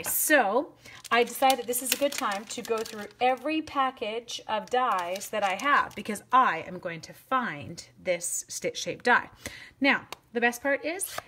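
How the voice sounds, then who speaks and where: A woman's voice: fairly high pitch, noisy background. A woman from Canada in her forties, chatting casually and bubbly as she demonstrates a craft project on a livestream and greets viewers. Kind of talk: casual livestream demo chat.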